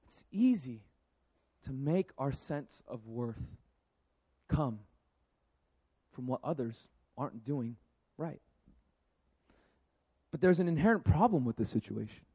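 A man's voice: medium pitch, very animated, slow pace, pauses often, breathy edge, muffled recording. A man preaching a conversational sermon, laughing often and acting out the voices he quotes. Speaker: pastor.

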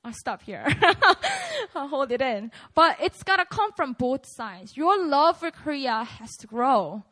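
A young woman preaches to a prayer meeting in a loose, conversational way, breaking into laughter as she goes. Her voice sits high and swings widely in pitch. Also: big pitch swings, a little slow, fairly bright tone, poor audio. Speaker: pastor.

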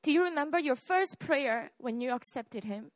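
A woman's voice: sits high, animated, moderate pace, no room sound. A woman, preaching a conversational sermon about her own faith and checking in with the listeners. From South Korea. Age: 30s. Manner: conversational, often asks "right?" and "okay?". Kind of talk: sermon with personal testimony.

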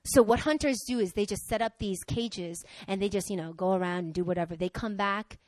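A young woman preaching a sermon, conversational and energetic, swinging from loud exhortation to quiet asides. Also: medium pitch, fairly quick, no echo.

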